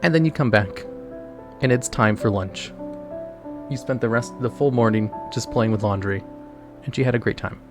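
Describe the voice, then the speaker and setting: A man's voice: on the low side, moderate pace, long pauses. Casual male streamer narrating adventure. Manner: casual, playful storyteller addressing chat. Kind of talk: live-streamed choose-your-own-adventure narration. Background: background music.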